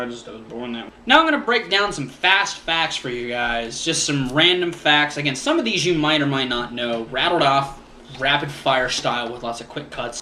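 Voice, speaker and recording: A man's voice: medium pitch, pushed and bright, roomy sound, a little hiss or hum. A young man from Florida chatting to camera as a YouTuber, earnest and rambling with fillers, his cheek swollen after a tooth was pulled. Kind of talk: casual talk to camera.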